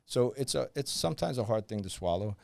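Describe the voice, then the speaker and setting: A man's voice: mid-range voice, lively intonation, brisk, vocal fry, a little mellow, no room sound. A man, a former undercover officer, telling stories as a podcast guest and acting out the voices of people he quotes. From New Jersey. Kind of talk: storytelling in a podcast interview.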